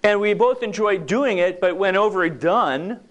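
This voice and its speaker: A man delivers a motivational talk in a loose, conversational way. His voice sits a little high for a man, and he keeps it light with jokes and acted-out asides. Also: animated, a little slow, a crowd in the background. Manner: conversational, jokey, acts out quoted lines. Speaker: speaker giving a talk.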